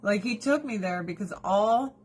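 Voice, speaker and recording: A woman's voice: mid-range voice, normal speed. A woman hosting a casual livestream chat, talking bluntly and expressively, swearing freely and often laughing. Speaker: livestream host.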